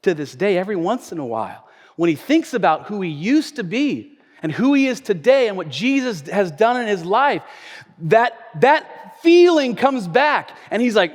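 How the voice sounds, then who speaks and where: A male pastor preaching a sermon in a church sanctuary, conversational, swinging from loud emphasis to quiet asides. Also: sits high, big pitch swings, normal speed. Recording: echoey church hall.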